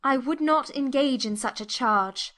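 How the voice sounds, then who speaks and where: A woman voices a shy, timid young woman in a classic audiobook. The voice is high, and she speaks hesitantly and doubts herself. It is plain storybook reading. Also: a little slow, a bit bright.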